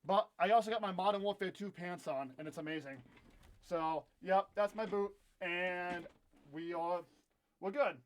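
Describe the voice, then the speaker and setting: A young man with a notably high speaking voice tells a casual storytime vlog straight to his camera. He rants candidly and often pokes fun at himself. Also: normal speed, a little hiss or hum. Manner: candid, ranting, self-deprecating. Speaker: vlogger. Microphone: own camera.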